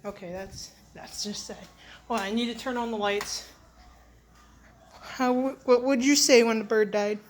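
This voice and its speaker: A woman hosting a casual vlog, soft-spoken and wandering in her talk, chatting to her pets along the way. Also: a little high, fairly even intonation, moderate pace, pauses often. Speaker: channel host. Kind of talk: rambling casual vlog chat.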